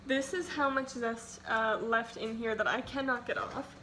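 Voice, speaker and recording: A woman's voice: a little high, brisk, hardly any pauses. A young woman vlogging casually while cooking in her home kitchen, rambling and poking fun at herself. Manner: chatty, rambling, self-deprecating, many "like"s. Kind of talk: casual cooking vlog chat. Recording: home video with steady background noise.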